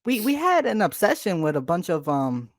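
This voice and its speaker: A woman's voice: fairly low pitch, big pitch swings, moderate pace, no room sound, clean studio sound. A young woman co-hosting a podcast, rambling casually with lots of fillers and swearing. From United States. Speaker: podcast co-host. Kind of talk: casual chat.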